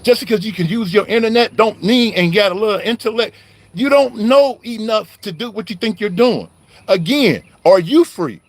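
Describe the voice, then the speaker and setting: A man's voice: high-pitched, animated, normal speed, no room sound. A man giving a heated, preachy online call-out, riled up and confrontational, wired on coffee. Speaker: online religious commentator.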